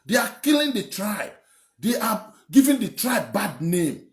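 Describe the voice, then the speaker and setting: A man's voice: high voice, big pitch swings, a little slow. A young Nigerian man from Edo giving heated political commentary, emphatic and rambling, repeating words and swearing. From Edo State, Nigeria. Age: young adult. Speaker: online commentator. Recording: echoey room.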